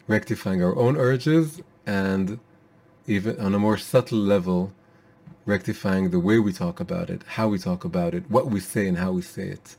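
A man's voice: deep voice, a little mellow. Guy teaching his weekly torah class, earnest, leans hard on his points.

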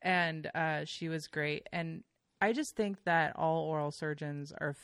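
Low-voiced woman telling rambling stories. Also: measured pace, clean tone, dry recording. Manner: chatty storyteller with frequent fillers and swearing. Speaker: podcast guest. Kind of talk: casual chat.

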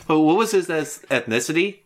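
A man co-hosting a podcast in casual chat, chiming in with wry quick asides. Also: fairly high pitch, lively intonation. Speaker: podcast co-host.

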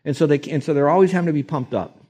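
A man preaching a sermon, animated and acting out voices when he quotes people. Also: on the high side, very fast. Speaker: pastor.

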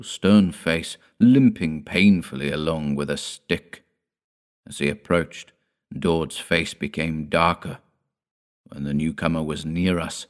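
A man narrating an audiobook in a measured, grave storytelling manner. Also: rumbling low, gravelly.

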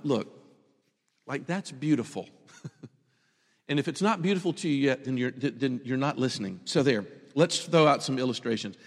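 Male preacher, fairly high voice, lively and chatty delivery, long hall reverb. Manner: animated, conversational, laughs often. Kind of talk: sermon.

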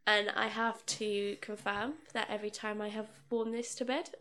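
A woman's voice: mid-range voice, flat delivery, moderate pace, fairly bright tone. A woman co-hosting a podcast, chatty and giggly in casual talk. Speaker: podcast co-host. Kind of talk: casual chat.

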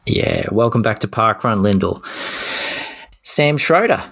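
A man's voice: on the low side, expressive, unhurried, vocal fry, a bit bright, husky. A man co-hosting a podcast, cheerfully reading out listener messages with self-deprecating asides. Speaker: podcast co-host.

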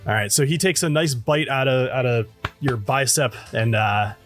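A man running a tabletop game as game master, relaxed, laughing often and searching for words. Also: mid-range voice, normal speed, soft background music.

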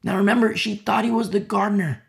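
A preacher with a gravelly edge to the voice delivers an impassioned sermon. The delivery swings between firm, raised emphasis and near-whispered asides, and key phrases come back again and again. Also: mid-range voice, steady tone, fast. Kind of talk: expository sermon.

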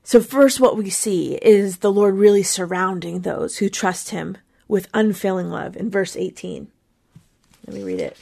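Gravelly-voiced woman sharing a devotional. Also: mid-range voice, expressive, measured pace, mellow. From Pennsylvania, USA. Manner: earnest, conversational, repeats small words as she talks. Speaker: Christian podcast host. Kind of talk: devotional Bible reflection.

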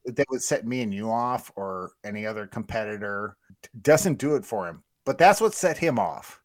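A man's voice: on the low side, expressive, moderate pace, no echo. A man co-hosting a sports podcast, rambling through emphatic opinions with restarts. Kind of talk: casual sports chat.

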